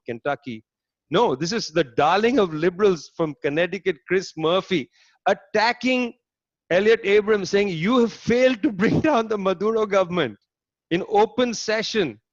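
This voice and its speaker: A man lectures in a fairly high, emphatic voice, sardonic and pointed, often throwing rhetorical questions at his listeners. The sound is dry and close, a little dull, as from an online talk. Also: no room sound. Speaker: speaker giving a political lecture. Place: online talk, home setup.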